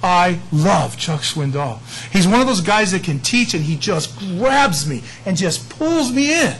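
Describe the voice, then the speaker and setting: A middle-aged man teaching from the Bible in a loose, talky way, poking fun at himself as he goes. His voice sits high for a man. A faint hiss runs under the recording. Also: unhurried, low-quality recording. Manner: conversational, animated, self-mocking. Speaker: pastor.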